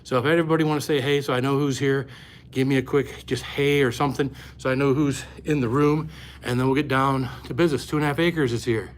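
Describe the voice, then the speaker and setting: A man with a mid-range, fairly even voice hosts a live stream about eating hot peppers, talking fast and a little out of breath as he chats casually and greets viewers by name. He speaks into a phone camera at close range in an upstairs room indoors, with slight background noise.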